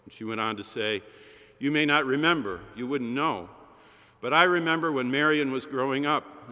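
A man delivers a sermon in a chapel, building his story with rhythmic, repeated cadences. His voice is bright and forceful. The recording has a long, echoing reverb from the chapel. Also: medium pitch. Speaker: preacher.

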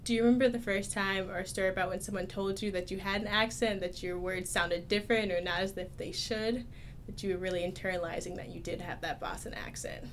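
A woman hosting a podcast, reading a scripted introduction and asking measured interview questions. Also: medium pitch, steady tone, slight background noise. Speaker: podcast host.

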